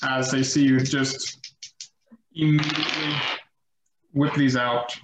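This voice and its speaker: A man narrating as game master of a tabletop game, relaxed and descriptive with light self-mockery. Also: mid-range voice, slow pace, roomy sound, background noise.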